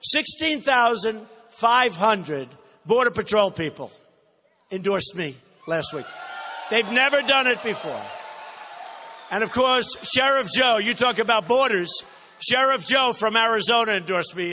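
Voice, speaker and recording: A man giving a campaign rally speech in a large hall, boastful and repetitive, talking off the cuff into a stage microphone and breaking into shouts. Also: high voice, expressive, unhurried, slight background noise. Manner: bursts into shouting. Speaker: political candidate.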